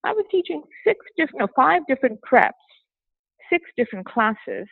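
This former teacher from Singapore speaks in a high voice at a normal speed, with vocal fry and a slightly rough texture. As a guest in a casual interview she's animated, laughing often and breaking into performed quotes, her hybrid accent tinged with British. The recording is dry and tinny, like a phone line.

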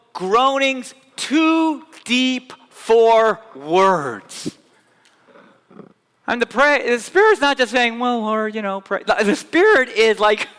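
Animated preacher in a reverberant hall. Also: male voice, high voice. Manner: animated, swings from loud emphatic to soft hushed. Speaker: pastor. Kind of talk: sermon. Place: church sanctuary.

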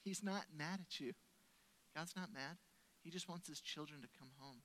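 A pastor preaching a sermon in a church service, telling stories conversationally and swinging from loud emphasis down to soft, lowered lines. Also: male voice, normal speed, slight background noise.

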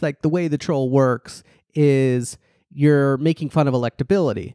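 Male podcast co-host, wry and animated, acts out quotes, dry studio sound. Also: no room sound. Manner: animated, ironic, restarts and leaps in pitch for emphasis; acts out quoted people in mocking voices. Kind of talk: casual political podcast chat.

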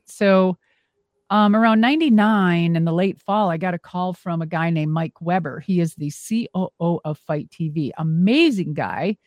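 A middle-aged woman, a former wrestler and monster truck driver, telling animated stories as a guest and swearing freely. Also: on the low side, no echo. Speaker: interview guest. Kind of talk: casual storytelling.

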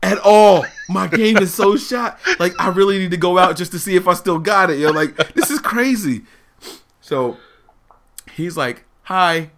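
A man in his thirties telling a family story on a casual talk show, animated and laughing often as he acts out the people in it. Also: high-pitched, measured pace. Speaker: podcast host telling a story.

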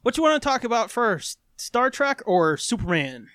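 Casting note: high, bright-voiced man hosting a loose, crude podcast. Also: sing-song, moderate pace, no echo. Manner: joking, crude, laughs often. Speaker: podcast host. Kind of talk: casual podcast chat.

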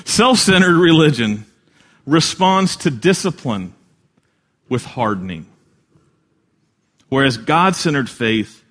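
A man preaching a sermon in an earnest way, swelling louder for emphasis and dropping soft at key lines. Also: mid-range voice. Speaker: pastor.

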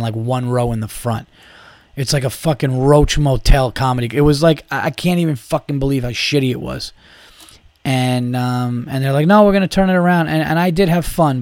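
A comedian and podcast host tells a story casually, profane and rambling, with lots of "like" and false starts. His voice is mid-range, with no room sound.

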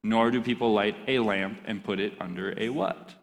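A man's voice: fairly low pitch, moderate pace, gravelly, long reverb tail. A man giving an interactive, joking sermon to a youth group, quizzing the audience as he reads scripture. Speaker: youth pastor.

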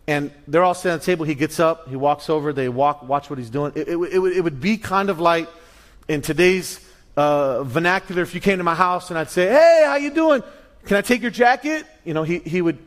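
A middle-aged male pastor preaching a sermon, animated and storytelling, acting out little voices with many restarts. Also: a little high.

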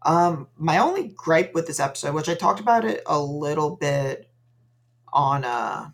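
A man's voice: fairly high pitch, big pitch swings, measured pace. A young man co-hosting a casual podcast, dry and rambling as he recaps episodes. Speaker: podcast co-host. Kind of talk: casual chat.

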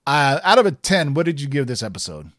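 A man's voice: on the high side, big pitch swings, fast, a bit bright, no room sound, studio quality. A man co-hosting a casual chat, enthusiastic and rambling, full of fillers and restarts. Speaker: podcast co-host.

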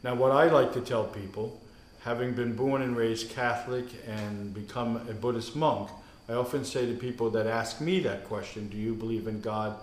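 A Buddhist monk, a man, calmly explaining his view on a panel. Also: mid-range voice, moderate pace. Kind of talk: panel discussion talk. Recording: roomy echo.

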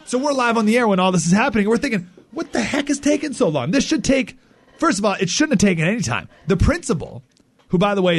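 Lively, indignant male talk radio host. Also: a little high, no room sound. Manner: animated, indignant, acts out quotes.

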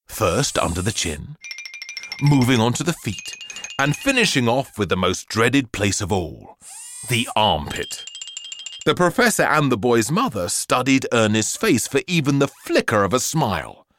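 A male storyteller reads a children's story at an unhurried pace, his pitch rising and falling dramatically. His delivery is theatrical and expressive, with faint music playing underneath. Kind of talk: storybook narration.

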